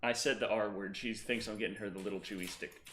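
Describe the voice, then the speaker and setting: A man's voice: fairly low pitch, steady tone, fast talker, a bit bright. A man hosting a livestream in casual chat, rambling and restarting his sentences. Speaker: host.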